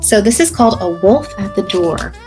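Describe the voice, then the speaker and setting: A woman's voice: medium pitch, normal speed, over music. A woman kindergarten teacher reading a picture book aloud to children and explaining as she goes. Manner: animated, expressive, explains to kids.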